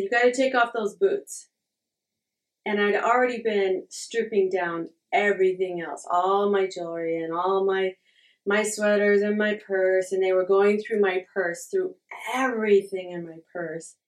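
A middle-aged woman candidly telling a personal story with frank, self-deprecating humor and frequent laughs. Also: medium pitch. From Utah. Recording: roomy echo, distant from the mic.

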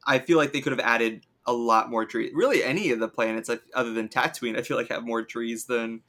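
A man's voice: mid-range voice, a little fast, fairly bright tone. A man co-hosting a podcast, chatting casually and enthusiastically, coming down with a cold. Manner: chatty, enthusiastic, filler-heavy. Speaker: podcast co-host. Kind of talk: casual chat.

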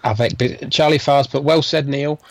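A man co-hosting a podcast, trading dry, teasing banter and reading out listener emails. His voice is mid-pitched and close, with a dead, dry sound. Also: steady tone, moderate pace, no echo. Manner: dry teasing banter with short murmured replies. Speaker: podcast co-host. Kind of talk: casual chat.

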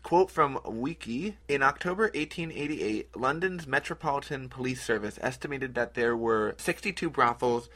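Brief: American man, podcast co-host, lively pitch, laughs a lot while telling history casually. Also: normal speed, few pauses. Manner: laughs often, animated storytelling with joking put-on accents. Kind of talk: casual comedic chat.

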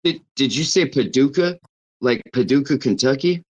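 An American man in a casual chat, excitable and cracking crude jokes. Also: medium pitch, moderate pace, breathy edge, rough recording.

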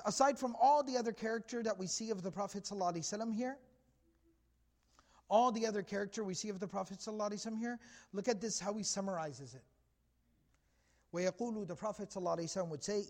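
A man with a notably high voice delivers a religious lecture at a brisk clip, acting out the dialogue of the stories he tells. He recites Arabic quotations between his explanations. His voice rings with the long reverb of a large hall. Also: darkish tone. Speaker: religious teacher. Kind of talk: lecture on prophetic traditions.

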